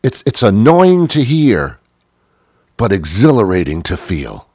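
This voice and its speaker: Wry rambling man, lively low voice. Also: measured pace, husky, no room sound, clean studio sound. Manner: wry, rambling, with mock-biblical asides. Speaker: show host. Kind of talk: comic monologue.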